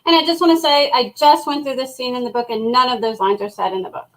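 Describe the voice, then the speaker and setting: Female co-host, higher voice, outspoken, casual live review. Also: steady tone, fast talker, fairly bright tone, poor audio. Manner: blunt, opinionated, swears freely.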